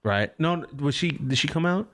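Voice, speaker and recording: A man's voice: a little high, animated, moderate pace. A young man casually telling a rambling, profane story in a chat with friends.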